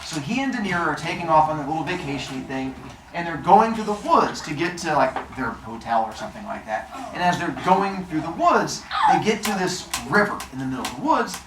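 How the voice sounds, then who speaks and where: A man teaching, telling a story to his class in a casual, chatty and animated way. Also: a little high, brisk, echoey room, background noise.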